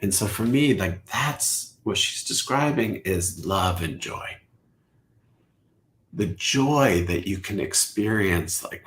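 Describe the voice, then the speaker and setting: A middle-aged man, a Zen teacher, speaking softly and contemplatively as a podcast guest, sometimes dropping to a whisper. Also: lowish voice, expressive, a little hiss or hum. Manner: slow, soft-spoken and contemplative, drifting into whispers. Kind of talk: reflective podcast conversation.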